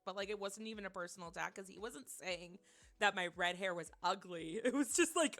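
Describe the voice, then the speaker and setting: Bright-voiced woman telling a story. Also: medium pitch, fairly quick. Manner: animated, rambling, many fillers and restarts. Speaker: streamer. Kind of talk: casual storytelling chat.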